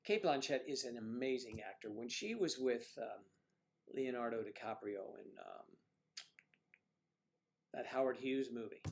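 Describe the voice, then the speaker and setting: A man hosting a casual livestream, talking at an ordinary middle pitch. He chats loosely, teases his viewers and keeps dropping jokey asides. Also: animated, a little slow, gravelly, long pauses. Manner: chatty, teasing, jokey asides. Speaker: livestream host. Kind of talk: casual chat reading viewer comments.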